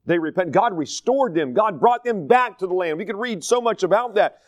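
A pastor from North Carolina teaches scripture and drifts into folksy stories. His voice sits a bit high for a man. The recording is dry, with no room sound. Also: lively intonation, normal speed, dry recording. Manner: conversational, digressive storytelling. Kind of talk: sermon, Bible study teaching.

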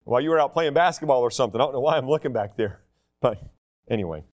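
A man's voice: medium pitch, lively intonation, fast talker. A middle-aged man preaching a sermon in a conversational, self-deprecating way with humor.

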